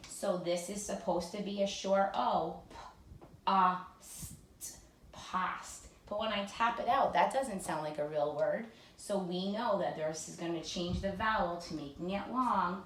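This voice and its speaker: A woman teacher giving a phonics lesson to children, spelling words out letter by letter and leading drills slowly and clearly. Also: on the low side, distant mic. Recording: echoey room with faint noise.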